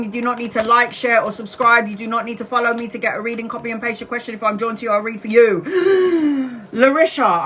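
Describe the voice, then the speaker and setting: Woman, tarot reader, casual live stream, bright voice, faint room ambience. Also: a little high, slight background noise. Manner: casual, blunt, swears when frustrated.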